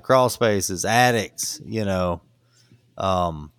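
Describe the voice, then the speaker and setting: A man hosting a podcast in casual chat, his voice low and smooth. He sounds close and dry on the mic, with no room around him, and keeps an easygoing tone while asking questions. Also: normal speed, a bit bright, no echo. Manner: easygoing, asks questions, says "man" often. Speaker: podcast host.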